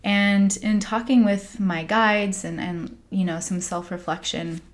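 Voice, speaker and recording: A woman's voice: mid-range voice, fairly even intonation, a little slow. Candid rambling American woman. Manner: candid, rambling, with frequent "like" fillers and soft laughs. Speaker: spiritual coach and podcast host. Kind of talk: casual confessional monologue.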